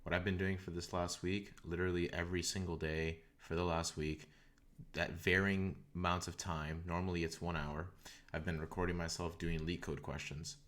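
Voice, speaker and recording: A man with a very deep, low-pitched voice talks through a coding stream in a relaxed, unscripted way. He rambles a bit, often stumbling and repeating a word before carrying on. He speaks into a desktop condenser microphone. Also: normal speed. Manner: rambling, frequent self-corrections and repeated words. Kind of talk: casual live-stream talk. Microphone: desktop USB condenser mic.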